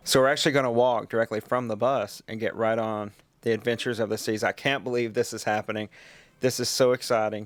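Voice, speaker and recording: Gushing excited vlogger man. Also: on the low side. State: out of breath. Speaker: travel vlogger. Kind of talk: excited casual vlog. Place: outdoors on a pier, then a cruise ship.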